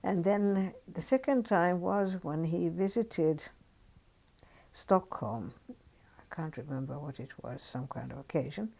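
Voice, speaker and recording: Older woman with a low, gravelly voice. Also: measured pace. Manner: anecdotal, lively, drops to a near-whisper on asides. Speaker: interviewee recounting her career as a journalist. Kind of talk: oral history interview.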